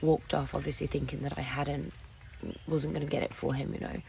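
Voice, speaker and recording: A woman telling a personal story in earnest, rambling speech that keeps slipping into breathy half-whispers. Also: low-pitched, little pitch movement, brisk, dark tone, a little hiss or hum, rough recording. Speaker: storyteller in a social video.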